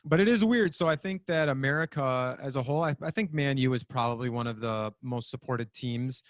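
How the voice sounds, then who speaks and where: A male host talks casually and keeps restarting his sentences. His voice is mid-pitched, and the dry sound has almost no room echo. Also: brisk. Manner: chatty, frequent restarts. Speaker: show host. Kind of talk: casual interview chat.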